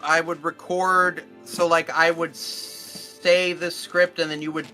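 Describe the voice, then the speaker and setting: Slow, bright-voiced young man. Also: fairly high pitch, flat delivery, soft background music. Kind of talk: casual chat.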